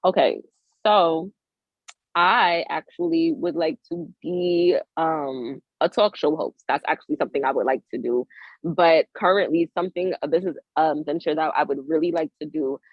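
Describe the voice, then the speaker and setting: A woman guesting on a podcast tells a story casually, using slang and acting out the voices of the people in it with big swings in tone. She has a deep voice at normal speed, and the audio is dry, dull, and lo-fi.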